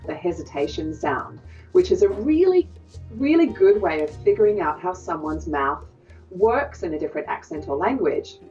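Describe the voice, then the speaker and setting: A woman's voice: fairly low pitch, very animated, moderate pace, dark tone. A woman technique in thoughtful, hesitant answers full of small fillers. She sounds a little distant and muffled, with faint music underneath. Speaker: accent coach. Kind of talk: explanatory interview answers.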